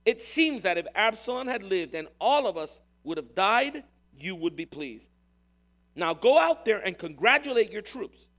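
A man's voice: sits high, very animated, normal speed. A man voicing a stern male army general who angrily scolds a king. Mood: scolding. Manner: forceful, scolding.

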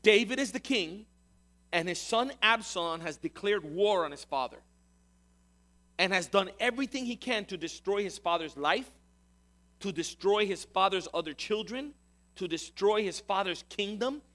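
High-voiced man preaching. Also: expressive, moderate pace, bright, forceful tone. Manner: storytelling, emphatic. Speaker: pastor. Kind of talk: sermon.

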